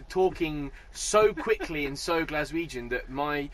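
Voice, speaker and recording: A man co-hosting a podcast, telling a comic story in a lively, sweary, casual way and laughing as he goes. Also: fairly high pitch. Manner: animated, sweary, quick to laugh. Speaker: podcast co-host.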